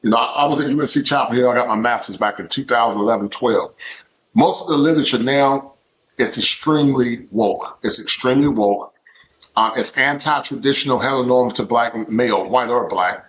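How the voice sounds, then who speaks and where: A man's voice: medium pitch, quick pace, fairly bright tone. A man talking as a guest on a casual live stream, emphatic and often repeating his words. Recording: dull lo-fi stream audio.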